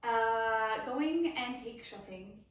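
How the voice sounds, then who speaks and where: A woman's voice: on the high side, lively intonation, slow. Chatty woman in an echoey room. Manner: chatty and playful, laughs often. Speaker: podcast guest. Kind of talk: casual chat. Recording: echoey room, distant mic, faint noise.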